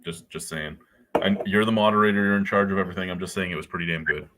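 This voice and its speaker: A man's voice: sits low, fairly even intonation, fast talker, bright, forceful tone, a little hiss or hum. A man in a casual beer chat, ranting with lots of swearing and exasperation. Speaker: guest.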